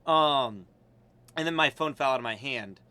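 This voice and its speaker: A man's voice: mid-range voice, moderate pace, bright, forceful tone, smooth. A young American man streaming, chatting casually and reacting with loose slang, frequent swearing and laughs. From United States.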